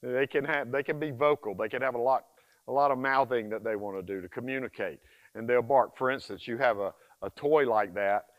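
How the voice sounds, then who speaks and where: A man in his sixties, a dog trainer, explaining hush training in a folksy, repetitive way and giving his dog firm commands. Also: mid-range voice, fairly quick. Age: 60s. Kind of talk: casual instructional vlog.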